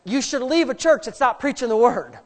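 Male pastor, sermon, sarcastic, lively swings between loud highs and hushed lows. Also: normal speed. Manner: animated preaching with wide swings between loud, high bursts and low, quiet asides.

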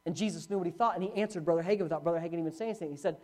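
A man preaching a sermon as pastor, telling a story with swings from loud to hushed. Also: a little high, very fast, few pauses.

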